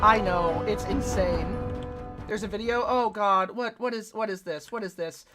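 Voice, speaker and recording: A woman live streaming, reacting to a video in casual, excitable chat and swearing freely. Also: mid-range voice, normal speed, loud music behind the voice.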